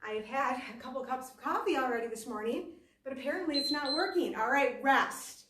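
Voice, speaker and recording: Leading a workout class, this fitness instructor is chatty and pokes fun at herself, occasionally winded as she exercises alongside everyone. Her voice sits high and moves fairly quickly, with background noise audible. She sounds distant in an echoey room.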